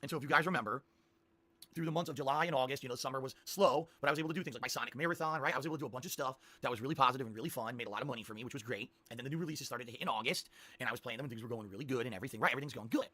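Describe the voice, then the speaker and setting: A man telling a long rambling story to his stream viewers, animated and repeating himself. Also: medium pitch, rapid-fire, no room sound.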